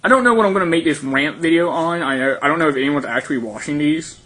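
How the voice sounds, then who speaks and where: A man's voice: fairly high pitch, fast, fairly bright tone. A young man in a played clip of his own rant video, rambling crudely and offhand.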